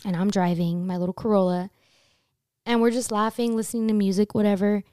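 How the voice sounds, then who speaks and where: A young woman hosting a casual chat, telling a story in an animated way, swearing freely and jumping high in pitch when she acts out her screams. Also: fairly quick, clean tone, dry recording, clean studio sound. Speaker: podcast host telling a story.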